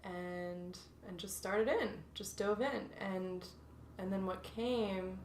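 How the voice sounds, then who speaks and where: Reflective woman with a gravelly voice. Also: mid-range voice, takes it slowly. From North Carolina, USA. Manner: reflective, with many fillers and restarts. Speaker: guest. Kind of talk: casual interview chat. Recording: echoey room, distant mic, faint noise.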